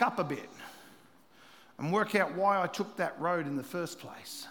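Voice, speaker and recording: A middle-aged man preaching a sermon as pastor, telling stories with animated delivery that swings between loud and hushed. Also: high voice, a little slow, long pauses. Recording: reverberant hall.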